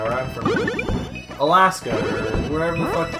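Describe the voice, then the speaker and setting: A man's voice: a little high, animated, a little fast. A man co-hosting a casual chat, blunt and heavily profane. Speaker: co-host. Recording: loud background music.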